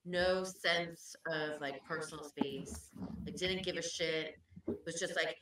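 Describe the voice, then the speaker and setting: A woman co-hosting a podcast, telling a lively story from her bartending shift and acting out the people in it. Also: low-pitched, takes it slowly, background noise. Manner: animated storyteller, acts out voices, laughs often. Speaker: podcast co-host. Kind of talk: casual chat, storytelling.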